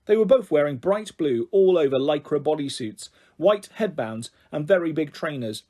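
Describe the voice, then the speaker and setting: A man reading a children's book aloud, expressive and animated. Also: fairly high pitch, moderate pace, few pauses. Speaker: narrator. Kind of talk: audiobook reading.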